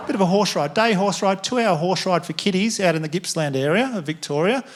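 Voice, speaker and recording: Male stand-up, slightly higher voice, animated and self-mocking, puts on quick voices for the people in his story. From Australia. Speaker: stand-up comedian. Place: theatre stage before a live audience.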